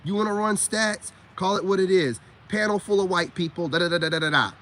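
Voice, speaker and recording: A man's voice: sits high, fairly quick, a bit bright. A man giving a blunt, profane lecture in a casual rant straight to camera. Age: adult parent. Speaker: vlogger. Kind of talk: casual ranting monologue.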